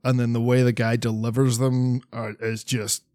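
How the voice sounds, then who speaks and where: A man's voice: medium pitch, flat delivery, normal speed, darkish tone, no echo, studio quality. A man co-hosting a podcast, chatting casually and rambling with lots of swearing, fillers and restarts. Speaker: podcast co-host.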